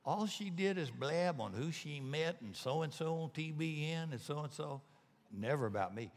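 Pastor preaching in a reverberant church. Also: male voice, on the high side, lively intonation, unhurried. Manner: conversational, emphatic preaching with joking asides. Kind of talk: sermon. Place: church sanctuary. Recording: long hall reverb.

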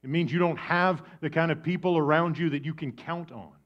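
A man preaching a sermon with dramatic swings from loud emphasis down to a hushed near-whisper. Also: on the high side, a little fast. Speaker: pastor. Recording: dull lo-fi sound.

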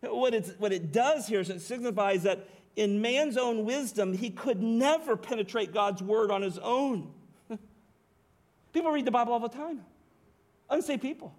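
A pastor preaching with a notably high-pitched voice. He leans hard on key words and keeps asking the congregation rhetorical questions. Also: normal speed, darkish tone. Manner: emphatic preaching, rhetorical questions, occasional laughs. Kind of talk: sermon.

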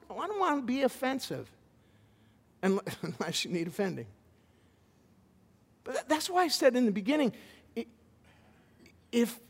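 A man preaching a sermon as a visiting pastor, animated, with stammered restarts as he tells a story. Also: very high-pitched, breathy edge, long reverb tail.

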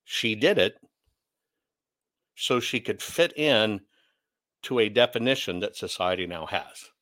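A man's voice: lowish voice, lively intonation, unhurried, pushed and bright. A man hosting an opinionated commentary show, blunt and sarcastic as he rants. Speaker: commentary host.

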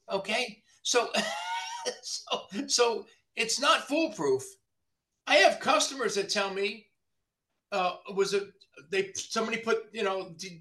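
A high-pitched man who owns a body shop in the New Jersey area rants in casual podcast conversation. He's animated and profane.

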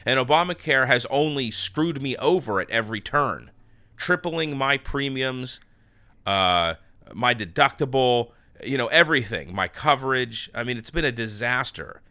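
A man's voice: mid-range voice, expressive, moderate pace, pushed and bright, dry recording. A male podcast host chatting casually, telling a long anecdote with restarts and quoted exchanges. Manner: rambling storyteller with many restarts and quoted dialogue. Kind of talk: casual chat.

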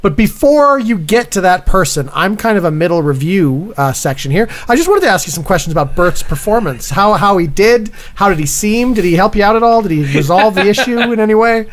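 A man's voice: sits high, big pitch swings, fairly quick, few pauses. A man in an improv comedy scene playing a call center review supervisor who rambles and hesitates with many fillers. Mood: deadpan. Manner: rambling, hesitant, full of 'uh'.

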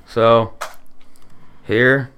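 A man's voice: mid-range voice, level tone, extremely slow, a bit bright, smooth. A man hosting a casual podcast chat, upbeat and moving the show along. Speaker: podcast host.

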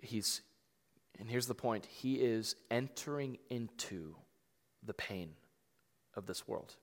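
A man's voice: medium pitch, slow. A man preaching a sermon in a casual, conversational way, full of fillers and emphatic repeats that build into rising intensity. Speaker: pastor. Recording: long hall reverb.

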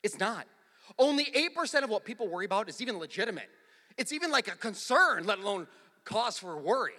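Bright-voiced preacher in a reverberant hall. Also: male voice, high-pitched, sing-song, quick pace. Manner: conversational storytelling, swells to forceful emphasis. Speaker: pastor. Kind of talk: sermon. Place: large church.

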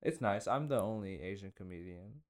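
A young man hosting a casual podcast chat, talking in halting bursts with many restarts and self-deprecating asides. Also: fairly low pitch, animated. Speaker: podcast host.

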